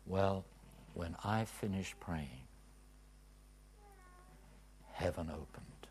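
A man preaching a testimony in a sermon, swinging from hushed whispers to loud cries. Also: deep voice, lively intonation, very slow, slight background noise. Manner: dramatic swings from whispers to shouts.

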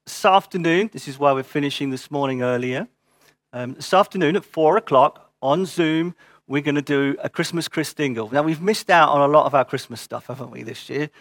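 A man's voice: on the high side, brisk, a bit bright, no room sound. A man preaching a sermon as pastor, earnest and emphatic, repeating short phrases, then giving church notices.

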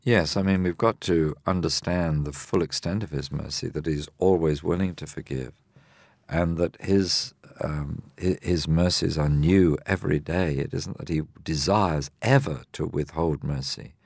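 A man, older, explaining a Bible parable in a measured, teaching way on a discussion program. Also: a bass voice, gravelly, no room sound. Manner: measured, explanatory, reads scripture aloud.

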